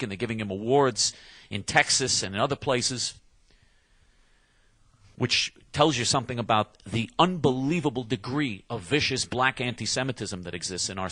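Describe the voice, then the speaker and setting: A man's voice: mid-range voice, bright, forceful tone, dry recording. A man delivering a heated, combative monologue rant, emphatic and stumbling over repeated restarts. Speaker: political commentator.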